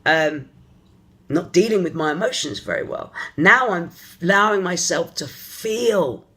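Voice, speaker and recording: Spiritual coach type rambling openly to camera, stops and restarts a lot, mid pitch. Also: lively intonation, bright, forceful tone. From London, England. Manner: earnest, searching, thinks aloud in halting phrases. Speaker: energy therapist and spiritual coach. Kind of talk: personal confessional vlog.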